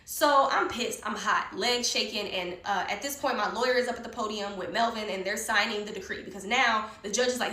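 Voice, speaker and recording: A woman telling a personal story in a heated, profane, animated way. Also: fairly high pitch, moderate pace, distant mic. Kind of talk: casual storytime. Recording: roomy echo.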